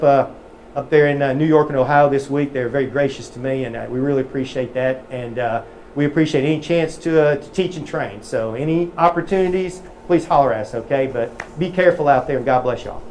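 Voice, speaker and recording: Male trainer, casual and folksy, slightly high pitch, faint background hiss. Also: a little fast, a little mellow. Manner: casual, folksy, many fillers. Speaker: metering trainer. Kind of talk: webinar teaching and joke-telling.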